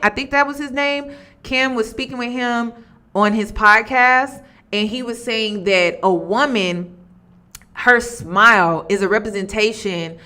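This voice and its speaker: A woman's voice: fairly high pitch, sharp tone. A woman vlogger giving casual commentary, candid and emphatic, repeating her points.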